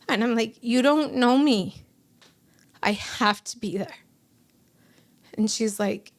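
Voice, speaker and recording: A woman in her forties, a guest on a podcast, telling a personal story in short, broken sentences and acting out the voices of the people in it. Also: fairly high pitch. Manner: emotional, acts out quoted dialogue. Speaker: guest, bereaved mother.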